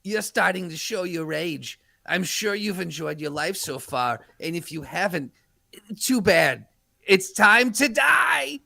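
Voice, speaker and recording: A man voicing an arrogant, vengeful male dark sorcerer in a comedic anime dub parody, with boastful taunts and drawn-out shouted spell names. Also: sits high, sing-song, creaky, heavily acted. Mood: gloating.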